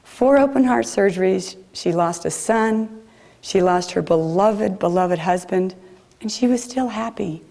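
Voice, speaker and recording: A woman preacher giving a gentle, reflective sermon in a chapel. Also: mid-range voice, a little slow, gravelly.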